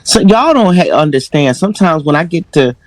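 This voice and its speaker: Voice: medium pitch, lively intonation, a little fast, darkish tone, no echo. A livestream host giving brash, profane commentary in a campy, slangy way.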